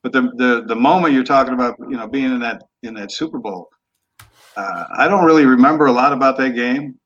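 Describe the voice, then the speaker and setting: A man in his sixties, a former quarterback, telling stories in a relaxed, rambling way with some rough language. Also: medium pitch, brisk, dull audio. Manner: laid-back, trailing off, rough language. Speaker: guest, former football quarterback. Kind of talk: casual storytelling interview.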